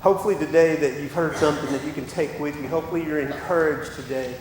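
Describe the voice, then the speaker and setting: Impassioned preacher in an echoey hall. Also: male voice, fairly even intonation, fast talker. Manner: impassioned, acts out quoted voices. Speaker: pastor. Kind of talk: sermon. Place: church sanctuary. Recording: echoey church hall with rumble.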